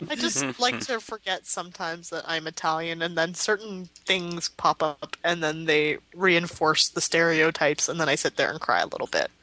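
A young woman chats casually as a podcast co-host, rambling and laughing as she grumbles with mock drama. Her voice sits a little low but comes through bright and sharp. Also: moderate pace, hardly any pauses, poor audio. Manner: chatty, rambling, laughs often, dramatic complaints. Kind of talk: casual chat.

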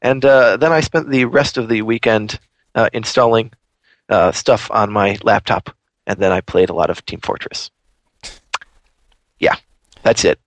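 A man's voice: on the low side, unhurried, long pauses, dry recording. A man hosting a podcast, ranting animatedly in casual chat. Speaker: podcast host.

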